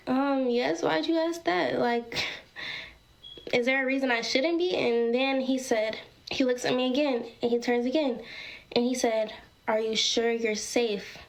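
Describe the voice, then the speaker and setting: A woman casually telling a personal story, dramatic and talking straight to her viewers. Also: high-pitched. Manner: dramatic, addresses viewers as y'all.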